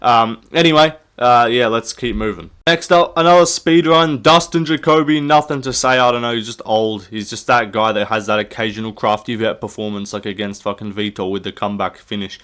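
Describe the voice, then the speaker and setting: A man's voice: medium pitch, brisk, hardly any pauses, fairly bright tone, clear, resonant tone. Rambling jokey young man. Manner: rambling, jokey, swears often, laughs at himself. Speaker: YouTube MMA commentator. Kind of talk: casual comedic commentary.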